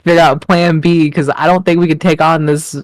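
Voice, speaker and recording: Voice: mid-range voice, level tone, brisk, dry recording. A player in a tabletop game who talks casually, often laughing and hesitating.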